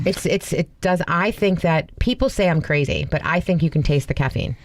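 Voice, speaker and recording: A woman's voice: low voice, normal speed. A woman co-hosting a radio show, talking candidly and playfully in casual banter. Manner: chatty, candid, playfully exasperated.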